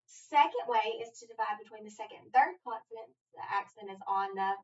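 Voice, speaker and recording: A woman teaching a phonics lesson, explaining each step in a deliberate, methodical way. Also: medium pitch. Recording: distant lo-fi mic with faint room ambience.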